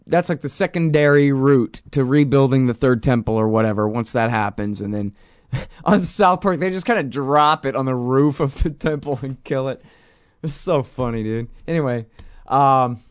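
A man talking in a sardonic, rambling commentary style, voice jumping up in pitch for emphasis. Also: smooth, no room sound, studio quality. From Texas. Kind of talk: casual spoken commentary.

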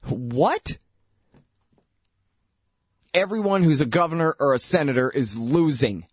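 Sarcastic, animated male political host. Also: measured pace, pauses often, husky, no room sound, clean studio sound. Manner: sarcastic, mocking impressions of others; animated, rising pitch when exasperated. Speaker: radio host. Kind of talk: political commentary monologue.

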